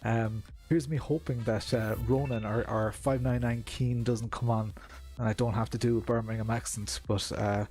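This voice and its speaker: A man's voice: medium pitch, steady tone, moderate pace, hardly any pauses, a little mellow. An Irish man in his thirties chatting casually on a live stream, greeting viewers by name and laughing often. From Ireland. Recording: music playing behind.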